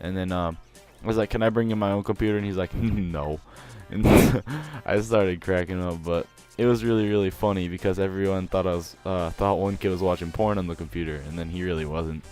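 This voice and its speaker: A man's voice: deep voice, fairly even intonation, brisk, few pauses, darkish tone, soft background music. A man telling a story from school days in a casual, rambling way, laughing often and restarting sentences. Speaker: vlogger.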